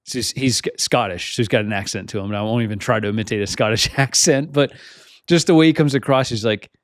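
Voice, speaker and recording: An easygoing man co-hosting a podcast, retelling anecdotes and laughing often. His voice sits at a middle pitch, and the sound is close and dry with no room echo. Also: fast talker. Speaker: podcast co-host. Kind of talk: casual chat.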